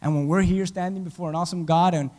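A man preaching a sermon as pastor, dramatic, swinging from loud to hushed and acting out quotes. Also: sits high, fairly even intonation, quick pace, big-room sound. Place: church.

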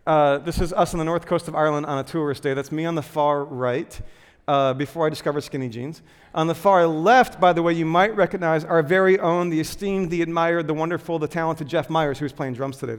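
Guy preaching, kinda high voice, jokey and self-deprecating, lots of likes, big echoey church hall. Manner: animated and self-deprecating, many "like" fillers. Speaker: pastor. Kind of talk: sermon with personal storytelling.

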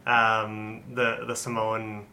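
A man's voice: on the low side, monotone, takes it slowly, bright, forceful tone. A man co-hosting a casual chat, laid-back and hesitant with fillers. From Canada. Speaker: podcast co-host.

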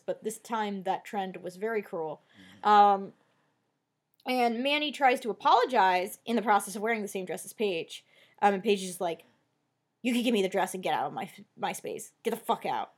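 A woman co-hosting a podcast, recapping a TV episode in casual chat, animated and swearing casually as she acts out lines. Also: medium pitch. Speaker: podcast co-host.

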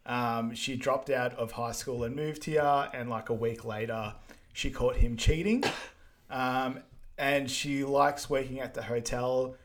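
A man co-hosting a podcast, summarizing film scenes in a relaxed way full of fillers. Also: medium pitch, a little slow. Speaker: podcast co-host. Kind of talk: casual film recap chat.

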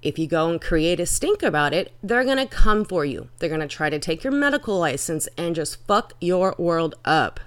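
A woman's voice: lowish voice, sing-song, moderate pace, hardly any pauses, clear, resonant tone. A woman giving vlog commentary in an emphatic, indignant, profane manner.

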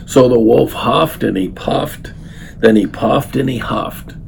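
A man's voice: medium pitch, slow, gravelly, a little mellow, slight background noise. An older man reading a children's story aloud, then talking unhurriedly with many fillers. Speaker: speaker reading a story to his grandchild.

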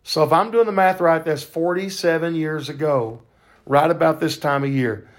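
An older man hosting a podcast, telling a faith testimony in a fervent, preacher-like way with drawn-out emphasis. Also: on the high side. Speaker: podcast host.

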